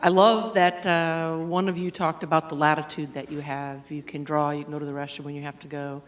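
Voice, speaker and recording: Higher-voiced teacher asking a question. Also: male voice, flat delivery, brisk. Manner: encouraging, searching for words. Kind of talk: audience question.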